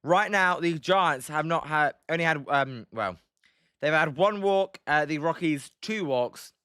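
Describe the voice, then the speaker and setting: Here a British man gives casual live play-by-play of a baseball game on his stream, answering chat as he goes. His fairly high voice sounds expressive, pushed, bright and smooth at a measured pace, in clean studio sound with no room noise. He chats a lot, reads viewers' messages aloud and fills the gaps between plays with ums.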